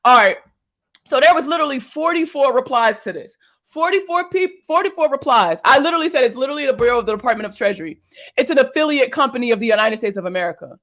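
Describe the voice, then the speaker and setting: A woman's voice: fairly high pitch, expressive, very fast, fairly bright tone. A young woman, a finance creator, reacting to viewer comments in casual talk, blunt and exasperated, swearing and firing off rhetorical questions.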